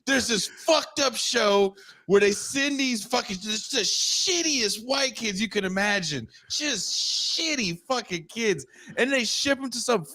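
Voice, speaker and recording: Profane, animated podcast host. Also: male voice, unhurried. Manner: profane, animated, mimics people in deep put-on voices. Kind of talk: casual podcast chat.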